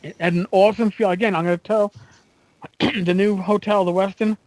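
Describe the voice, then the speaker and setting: A man's voice: sits high, no room sound, low-quality recording. A man co-hosting a podcast, telling stories in casual chat with lots of fillers and restarts. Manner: animated storyteller, halting with fillers. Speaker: podcast co-host.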